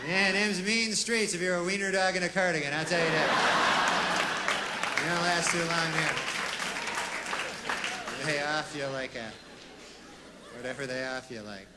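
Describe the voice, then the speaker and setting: A man doing a deadpan, rambling stand-up comedy monologue, full of asides and folksy fillers, on a comedy stage. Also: fairly high pitch, measured pace, long pauses, a loud crowd, heavy background noise. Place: comedy stage with a live audience.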